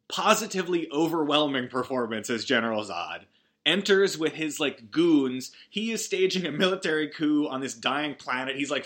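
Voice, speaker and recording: A man's voice: a little high, a bit bright. A man hosting a casual solo podcast, rambling through a film recap with swearing and frequent false starts. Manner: rambling, swearing, many restarts. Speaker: podcast host.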